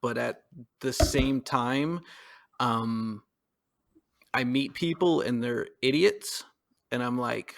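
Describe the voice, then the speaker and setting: A man's voice: medium pitch, slow pace, gravelly, a bit bright. A man co-hosting a podcast, talking through his views in a rambling, hesitant way with frequent fillers and laughs. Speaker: podcast co-host. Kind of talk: casual political discussion.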